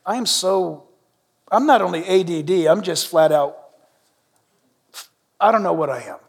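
A middle-aged man preaching a sermon as pastor, animated and humorous, dropping at times to a hush. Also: high voice, unhurried, vocal fry. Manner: animated, humorous, shifts between loud and hushed. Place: church sanctuary. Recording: long reverb in a large hall.

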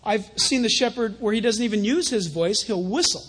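Male preacher, very high and breathy voice, conversational sermon delivery. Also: brisk. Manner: conversational preaching with anecdotes, rising to animated emphasis.

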